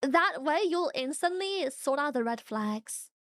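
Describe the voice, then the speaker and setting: A young woman streaming, chatting casually with viewers, animated, swearing often and laughing a lot. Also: high voice, unhurried, no room sound, clean studio sound. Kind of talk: casual chat reacting to viewers.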